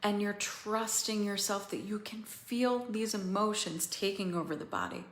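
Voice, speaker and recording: A woman coaching other women through a feeling practice, slow and pausing, candid and swearing now and then. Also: mid-range voice, echoey room. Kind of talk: guided emotional coaching talk.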